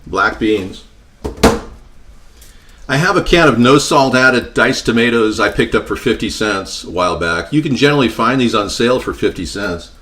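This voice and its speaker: A man giving a casual home cooking demonstration, chatty and tossing in deadpan joking asides as he works at the stove. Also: mid-range voice, moderate pace, noisy background. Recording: kitchen clatter of pots and pans behind.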